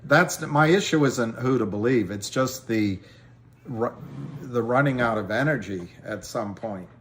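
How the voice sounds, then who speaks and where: Slow, halting male livestream host. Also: mid-range voice, a bit bright, a little hiss or hum. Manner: slow, halting, many ums and restarts. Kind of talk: casual livestream chat reading viewer comments.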